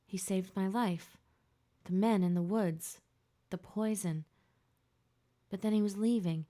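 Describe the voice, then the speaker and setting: A woman narrating a first-person audiobook in a hushed, tense, emotional way. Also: mid-range voice, fairly even intonation, slow.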